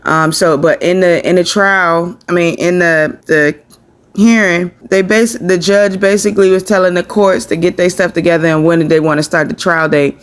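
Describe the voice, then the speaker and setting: A man's voice: sits high, steady tone, normal speed, a bit bright, smooth. A man giving casual, rambling commentary on a court case, with many restarts.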